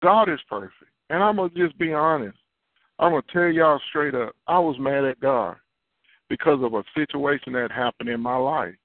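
Here a prophet at the pulpit gives an earnest, confessional sermon, restating his key phrases as he goes. His voice is male and medium-pitched, at a moderate pace, captured dry through a tinny phone-line sound.

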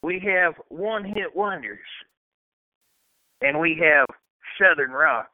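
A man's voice: on the high side, expressive, slow, no room sound, narrow, tinny audio. Joking man hosting a podcast game. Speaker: podcast host. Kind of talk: casual chat, game-show hosting.

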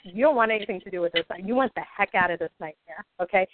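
A woman's voice: medium pitch, fast talker, noisy background. Woman teaching over a tinny call. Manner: animated, acts out inner monologues. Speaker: spiritual teacher leading a group call. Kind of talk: casual group teaching call. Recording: tinny phone-line audio.

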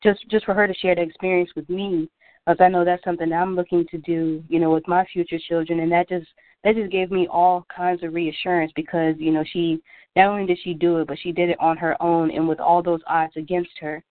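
A woman's voice: fairly low pitch, level tone, brisk, dry recording. A woman co-hosting a talk show who speaks earnestly and reflectively, with many "you know" fillers. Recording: dry phone-line call-in audio.

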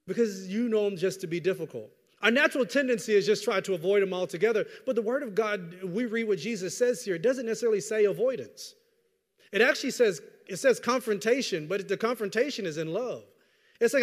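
High-voiced preacher in a reverberant hall. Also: male voice, a little fast. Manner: lively, conversational preaching with repetitions and asides. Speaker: pastor. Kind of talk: sermon.

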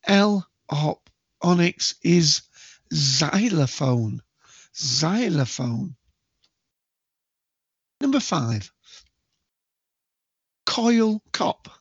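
A man hosting a solo podcast quiz in a chatty way, spelling out letters slowly and counting down to each answer. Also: on the high side, sing-song, breathy edge, dry recording, dull audio. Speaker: quiz host.

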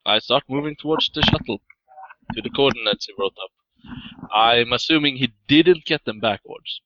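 A male tabletop player who speaks for his character in first person, halting and full of uhs. His voice sits at an ordinary middle pitch. The sound is dry and dull, like a lo-fi voice chat. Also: bright, forceful tone, no room sound. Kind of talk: casual tabletop game role-play.

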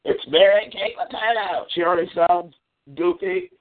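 A man's voice: high-pitched, normal speed. Brash, boastful man on a tinny line. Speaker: call-in show host. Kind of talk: solo call-in radio monologue. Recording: phone-like lo-fi call-in audio.

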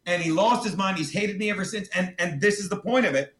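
High-voiced, profane man in an echoey room. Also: brisk. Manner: profane, animated, mimics others in quotes. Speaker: guest comedian. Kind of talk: casual podcast storytelling. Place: podcast studio. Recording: roomy echo.

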